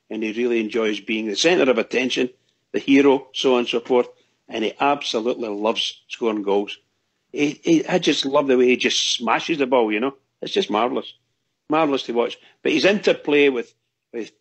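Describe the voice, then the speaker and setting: Co-host, husky and gravelly, rambling enthusiast. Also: male voice, medium pitch. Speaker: fan radio co-host. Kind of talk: casual chat.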